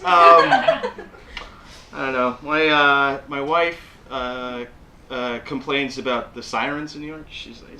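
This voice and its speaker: A man's voice: mid-range voice, lively intonation, measured pace. A man doing a stand-up comedy set in a small community center, talking in a hesitant, self-deprecating way full of fillers. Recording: roomy hall with loud background noise. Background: audience laughter.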